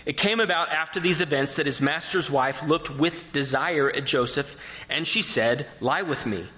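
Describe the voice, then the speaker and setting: A man's voice: on the high side, normal speed, in a large hall, dull audio. A man preaching an expository sermon who reads scripture aloud and asks his listeners questions.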